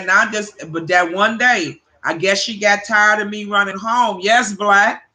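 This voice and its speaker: Bright-voiced woman telling profane stories. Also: medium pitch, unhurried. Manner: profane, animated storytelling; addresses viewers by name. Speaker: livestream host. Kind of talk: casual chat to viewers.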